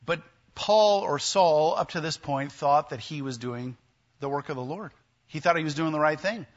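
The audio is dull, and the pastor's voice sits a little high as he preaches at a moderate pace. He keeps the sermon conversational, regularly asking the congregation questions.

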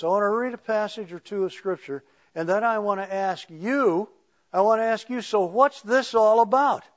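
A man preaching a conversational sermon, reading scripture slowly and with emphasis, then talking it over plainly with the congregation in a church. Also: high voice, highs cut off. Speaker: pastor. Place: church sanctuary with pews.

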